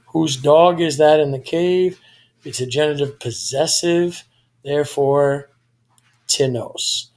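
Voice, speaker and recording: A man walking through a grammar lesson in a methodical, explanatory way. His voice sits a little higher than most men's. He pauses to correct himself and then carries on. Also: a little mellow. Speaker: Greek tutor.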